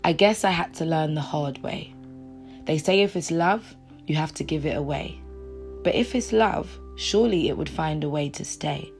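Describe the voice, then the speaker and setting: A woman gives an inspirational talk in a low, gravelly voice. She repeats key phrases and sometimes drops to a whisper. A faint guitar plays behind her. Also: normal speed. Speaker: motivational speaker. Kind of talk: inspirational talk with poem reading. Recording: soft guitar music behind.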